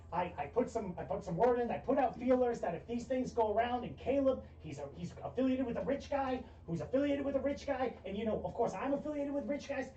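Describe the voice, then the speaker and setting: A woman doing a gushing, excitable male fixer. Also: on the high side, pitched above the performer's own voice, natural voice. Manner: breathless, gushing, over-eager. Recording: roomy, distant, muffled mic with faint hiss.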